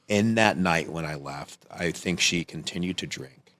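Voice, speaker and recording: Low-voiced man telling a story. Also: normal speed. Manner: animated, rambling, profane. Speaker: podcast guest, filmmaker. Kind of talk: casual storytelling chat.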